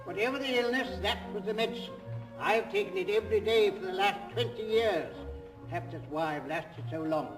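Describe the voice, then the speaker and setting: A doddering old manservant, played by an actor in a 1970s stage drama, rambling fondly on. His voice sits high and far from the microphone, with music clearly playing behind. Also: fairly quick, lightly acted. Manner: rambling, fond reminiscing. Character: very old male servant, frail and doddering.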